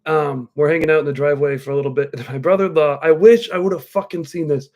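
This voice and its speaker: A man's voice: fairly high pitch, fairly even intonation, quick pace, a little mellow. Profane, rambling middle-aged man. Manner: drinking a cocktail while talking. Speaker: podcast host. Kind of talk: casual live-stream chat.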